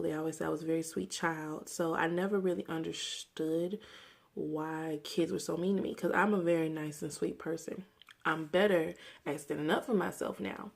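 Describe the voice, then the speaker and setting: A deep, gravelly-voiced woman in her twenties from Mississippi, USA, vlogs to camera in a personal rant. She is earnest and reflective, talking candidly through her memories.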